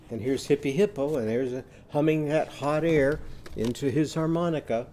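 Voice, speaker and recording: A man teaching a phonics lesson to young children, chanting slowly and gently prompting them to join in. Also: fairly high pitch, slight background noise. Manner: slow call-and-response chanting.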